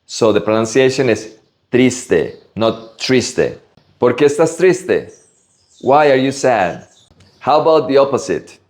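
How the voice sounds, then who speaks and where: A man from Latin America teaching Spanish vocabulary, slowly drilling pronunciation word by word. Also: medium pitch, expressive, darkish tone. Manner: slow, careful pronunciation drills. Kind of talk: vocabulary lesson.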